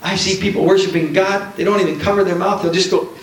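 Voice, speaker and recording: Fervent preacher in an echoey church. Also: male voice, high voice, steady tone, fast talker. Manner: fervent, emphatic repetition. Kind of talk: Pentecostal sermon. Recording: very echoey church hall, mic at a distance, faint noise.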